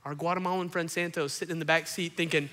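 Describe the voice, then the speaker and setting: A young man, a pastor telling his story in an animated sermon to a congregation, acting out the quotes. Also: on the high side, quick pace, a little hiss or hum. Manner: animated, acts out quotes, addresses crowd as y'all. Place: church auditorium before a congregation. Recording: long hall reverb.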